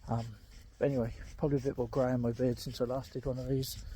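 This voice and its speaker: A middle-aged man in pain talks candidly while walking his dog along a country lane. His voice is mellow and his speech rambles, full of ums. An earbud mic picks him up, with faint outdoor ambience behind. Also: medium pitch, flat delivery, fast talker, a little hiss or hum. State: in pain, limping. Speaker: vlogger. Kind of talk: casual walking vlog.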